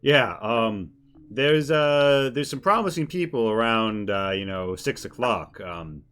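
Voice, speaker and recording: A man voicing a wary male alien prison fixer who hedges, mumbles and rushes his low asides. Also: expressive, a bit bright, smooth. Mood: evasive.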